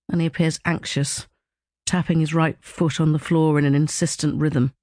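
A woman narrating a first-person novel as an audiobook, with a dry, wry, measured delivery. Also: lowish voice, darkish tone, no room sound. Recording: dry close studio sound.

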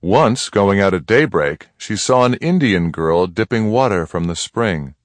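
A man reads a western story aloud with calm, even delivery. His voice sits very low and moves at an unhurried pace, recorded close and dry with no room around it. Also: no room sound. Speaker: audiobook narrator. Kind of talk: scripted narration of a western story.

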